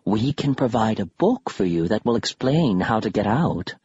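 A man's voice: on the low side, animated, breathy edge, no echo, muffled recording. A man whispering as skull-faced soul-stealing spirits. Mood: sinister tempting. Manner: slow, hushed, tempting whisper. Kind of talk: audiobook reading.

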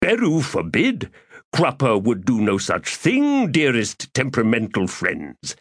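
A flowery, self-important schemer holding court at a tavern table, as a man voices him in an audiobook. His pitch swoops and dances through long archaic phrases, and the sound is close and dry. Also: huge pitch swings, measured pace, breathy edge, no echo, exaggerated voice. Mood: theatrical. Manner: grandiloquent archaic speech, refers to himself in third person. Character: pompous, florid, chubby male schemer. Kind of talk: audiobook character voice.

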